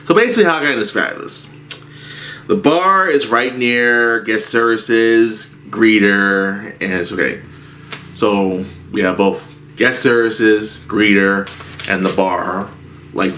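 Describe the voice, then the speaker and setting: A man's voice: fairly low pitch, slow pace, pushed and bright, a little hiss or hum. A man telling a rambling story from his movie theater job as a casual rant, with frequent restarts.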